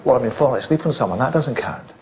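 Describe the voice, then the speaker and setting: An actor as Malcolm Tucker, sneering spin doctor. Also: male voice, mid-range voice, animated, fast talker, slight background noise, lightly acted. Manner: sharp, sneering, sarcastic put-downs. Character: foul-mouthed, combative male political spin doctor. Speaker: film character in a clip.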